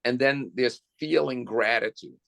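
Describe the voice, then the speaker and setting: A man's voice: mid-range voice, unhurried, creaky, fairly bright tone. A man giving a sermon as a rabbi, explaining step by step and asking the listeners rhetorical questions.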